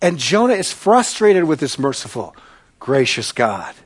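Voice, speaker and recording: A male pastor preaching a sermon, dramatic and sarcastic, swinging between loud bursts and hushed asides. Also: medium pitch, very animated, unhurried, husky.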